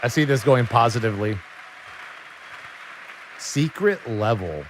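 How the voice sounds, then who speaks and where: A man streaming his reactions to a live show, excitable, joking and heavy on swearing. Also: mid-range voice, unhurried, background noise. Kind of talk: casual chat. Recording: event stream playing loudly behind. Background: show audio with music and crowd.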